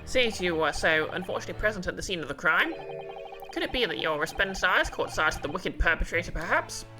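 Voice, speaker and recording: A woman's voice: lowish voice, lively intonation, fast, lightly acted. A woman voicing a pompous, flowery male court official in a game, speaking grandly over game music. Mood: grandiose.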